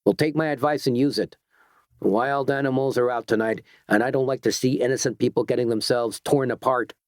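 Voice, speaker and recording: A tough street cop in a spoken story, blunt and streetwise, put on by a male narrator. The voice sits higher than the reading voice. The sound is dry and close. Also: steady tone, brisk, no echo, natural voice. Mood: gruff warning. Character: gruff street cop, middle-aged man.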